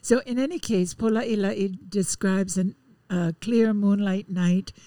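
A woman talks through the story of a song in a gentle, unhurried radio chat. Her voice is mellow and warm at a middle pitch. It sounds close and dry, like a studio mic. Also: steady tone, dry recording. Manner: gentle storytelling, explains songs. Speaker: radio co-host.

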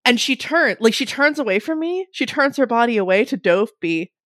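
A young woman tells a funny story in a relaxed, chatty way. Her voice sits a little high and swings widely as she gets animated, breaking into laughs and cheerful swearing. The recording is close and dry. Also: moderate pace, no room sound. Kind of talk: casual storytelling.

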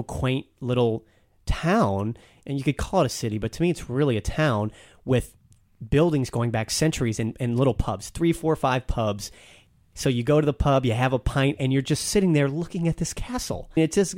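A man's voice: mid-range voice, normal speed, darkish tone, dry recording, studio quality. A man talking casually and enthusiastically as a guest on a podcast, telling stories with some restarts.

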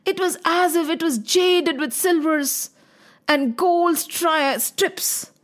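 A woman narrates a myth in a high voice, slowly and deliberately. She is animated and emotive, often breaking into exclamations. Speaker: storyteller. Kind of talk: expressive mythological storytelling.

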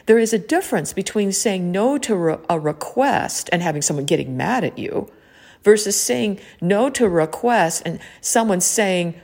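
Woman podcast host, coachy reflective talk, lots of questions, bit of vocal fry. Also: mid-range voice, animated, normal speed. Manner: gentle, probing, asks many questions.

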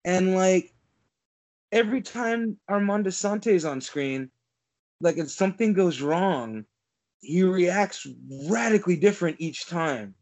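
A man's voice: sits high, lively intonation, unhurried, a little mellow. A man co-hosting a movie podcast, talking in a rambling casual way, packed with "like" and frequent swearing. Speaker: podcast co-host.

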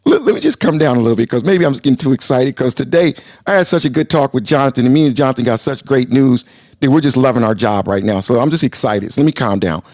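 A man co-hosting a live talk show, arguing loudly and combatively, then calming himself down on purpose. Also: mid-range voice, fast talker, no echo, studio quality. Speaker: show co-host.

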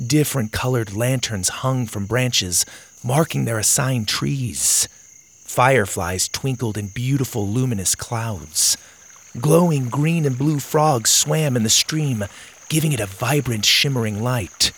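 A man narrating a children's adventure audiobook in an expressive reading. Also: mid-range voice, measured pace, slightly rough.

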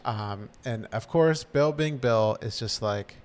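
A man's voice: mid-range voice, takes it slowly, smooth. A man co-hosting a podcast, casually recapping a TV episode and acting out the characters' lines. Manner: animated retelling, acting out lines. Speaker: podcast co-host recapping a show. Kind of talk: casual chat.

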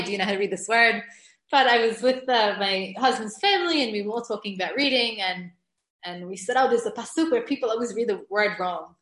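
A woman's voice: mid-range voice, fairly bright tone. A middle-aged woman teaching a recorded lesson on Hebrew grammar, explaining rules eagerly and reading verses aloud. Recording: echoey room.

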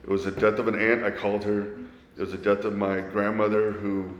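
A man in his forties telling his own story in a conversation, earnest and halting, often restarting his sentences. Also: fairly low pitch, level tone, lo-fi sound, a little hiss or hum. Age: 40s. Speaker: guest. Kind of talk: candid personal storytelling in conversation. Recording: echoey, reverberant room.

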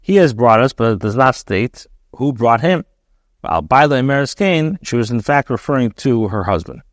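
A man teaching as a rabbi, reading Hebrew verses aloud and translating each phrase into English with frequent pauses and restarts. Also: medium pitch, lively intonation, no room sound, studio quality. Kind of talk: reading and translating scripture line by line.

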